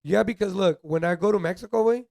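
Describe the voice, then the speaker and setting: A young man co-hosting a casual podcast, his full of slang and dropped Spanish words. His voice has a gravelly, crackly edge and sits a little high, and the recording is close and dry with no room sound. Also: fast, darkish tone, dry recording. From United States. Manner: laid-back slangy banter, mixes Spanish words. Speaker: podcast co-host. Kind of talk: casual chat.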